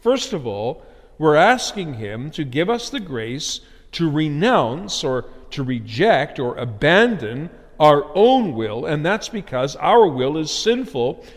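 A man's voice: a little high, sing-song, slow. A man preaching a sermon as pastor, earnest and building emphasis on key phrases, in a church sanctuary. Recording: long hall reverb.

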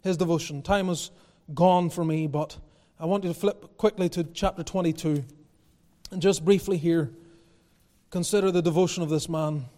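A man's voice: on the high side, steady tone, normal speed, long pauses, dark tone, in a large hall. A male pastor preaching a sermon, building with emphatic repetition and rising intensity.

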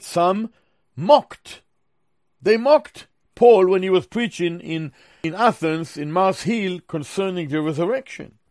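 A man preaching a Bible sermon, teaching slowly and with emphasis, often addressing his listeners as beloved brothers and sisters. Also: high-pitched, a little mellow, dry recording, clean studio sound.

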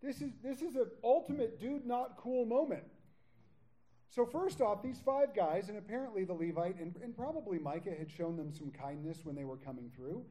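A man's voice: sits high, moderate pace, low-quality recording. A man teaching verse by verse through a Bible passage, reading scripture aloud and breaking in with casual jokes and asides. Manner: animated, jokey asides and casual paraphrase between readings. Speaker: pastor teaching a Bible study. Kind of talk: conversational verse-by-verse sermon.

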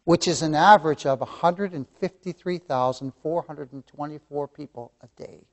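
A man teaching a church Bible lesson, impassioned, swinging between loud emphatic lines and hushed asides, often repeating key phrases and calling listeners beloved. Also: a little high, normal speed. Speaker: Sunday school teacher.

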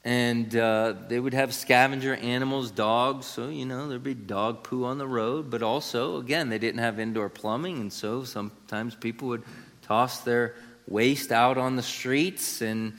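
A man's voice: medium pitch, steady tone, measured pace, fairly bright tone. A man preaching an expository sermon in a conversational, emphatic way, turning to the listeners with asides. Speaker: pastor. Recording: long reverb of a large hall.

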